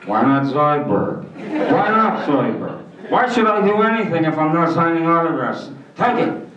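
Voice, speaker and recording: A man's voice: fairly high pitch, very animated, normal speed, crowd noise, voice pushed up. A man voicing a grumpy, pushy alien lobster doctor with a whiny, marble-mouthed voice. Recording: distant, roomy, muffled hall recording.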